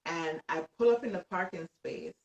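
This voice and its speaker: Animated woman storyteller, distant and roomy. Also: on the low side, moderate pace. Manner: animated, breaks into laughs and shouts when excited. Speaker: guest author. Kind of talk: excited storytelling on a live stream.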